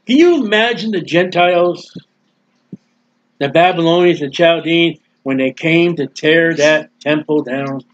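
High-voiced, animated joking preacher. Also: male voice, a little slow. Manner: animated, jokey, acts out scenes. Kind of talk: sermon. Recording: dull lo-fi sound.

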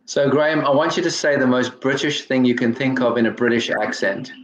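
A man hosting an interview, asking brief quick-fire questions. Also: mid-range voice, a bit bright, roomy sound, low-quality recording. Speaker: interview host.

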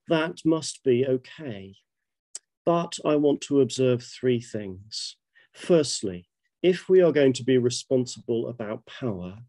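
A British man in his fifties, a bishop giving a measured, reflective webinar talk with personal anecdotes. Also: mid-range voice, dark tone, no echo. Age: 50s.

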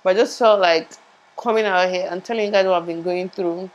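A woman's voice: lowish voice, fairly quick, highs cut off. A young woman vlogging casually, chatty and rambling, laughing at herself while sore from a recent tooth surgery. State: in pain after tooth surgery, speech a bit muffled. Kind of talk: casual vlog chat. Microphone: lapel mic.

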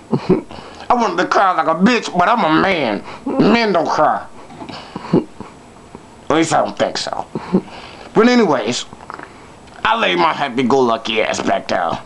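A man's voice: high-pitched, vocal fry, fairly bright tone, a little hiss or hum. Brash, profane man telling a story. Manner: profane, brash, joking asides. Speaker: vlogger. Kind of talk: comic storytelling to camera.

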